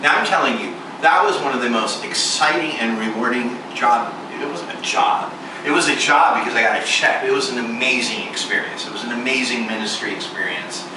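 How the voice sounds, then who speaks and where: A man delivering an animated sermon, acting out both sides of a story in a voice of middling pitch. He is recorded from well back in a strongly echoing room, with steady noise clearly audible underneath. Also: brisk, far from the mic. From United States. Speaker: preacher.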